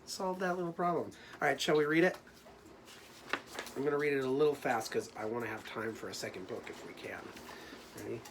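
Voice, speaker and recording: A male teacher speaks gently to young children and names his feelings out loud as he goes. His pitch is ordinary and middling. A faint hiss sits under the recording. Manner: gentle, talking through feelings aloud. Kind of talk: storytime lesson for children.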